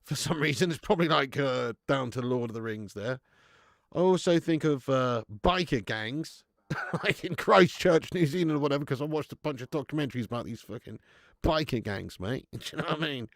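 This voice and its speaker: A man with a gravelly, creaky voice, talking casually through a live football match for his viewers. He banters with viewers and swears freely, close to a dry microphone with no room sound. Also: mid-range voice, lively intonation, fairly quick, dry recording. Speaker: watch-along host. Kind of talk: live football watch-along commentary and chat reading.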